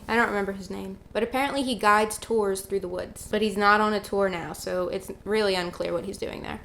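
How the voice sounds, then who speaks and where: A woman recapping a bad movie in casual vlog style, with sarcastic, deadpan asides. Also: mid-range voice. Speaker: writer reviewing bad movies.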